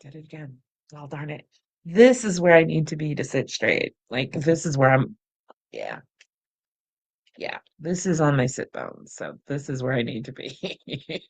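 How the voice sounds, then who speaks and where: A middle-aged woman hosting a guided breathing practice, speaking softly and laughing at herself now and then. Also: deep voice, very animated, creaky, husky. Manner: soft and unhurried, laughs at herself. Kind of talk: gentle guided meditation, chatty asides. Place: home, close to the camera. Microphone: camera mic, close.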